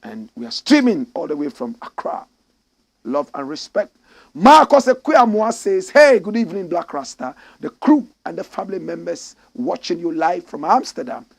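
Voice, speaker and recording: Ghanaian man, host, croaky gravelly voice, lively swinging pitch, talk show. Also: moderate pace. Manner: animated, bursts into loud exclamations. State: slightly croaky voice. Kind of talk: live-stream talk show, reading viewer messages. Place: studio in Accra.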